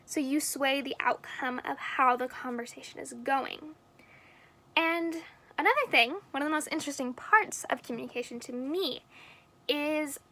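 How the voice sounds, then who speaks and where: A woman's voice: high-pitched, pushed and bright. A young woman student giving a class mini-lecture, earnest and explanatory, stressing key words. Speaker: student presenter.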